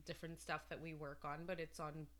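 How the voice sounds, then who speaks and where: A woman with a low, bright voice co-hosting a relaxed podcast conversation. She rambles freely and fills her sentences with "like" and "you know". Her talk stays loose and unscripted. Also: a little fast. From Canada. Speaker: podcast co-host. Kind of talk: casual chat.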